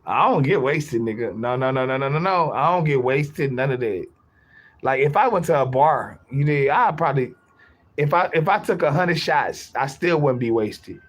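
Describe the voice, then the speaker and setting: A man's voice: medium pitch, expressive, moderate pace. Rambling young man on a livestream. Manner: rambling, repeats himself, laughs often. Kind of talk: casual livestream chat.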